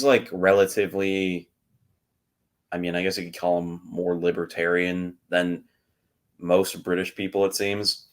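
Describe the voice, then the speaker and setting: Very deep-voiced man, rambling. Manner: rambling, many fillers and restarts. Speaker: podcast co-host. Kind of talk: casual podcast chat.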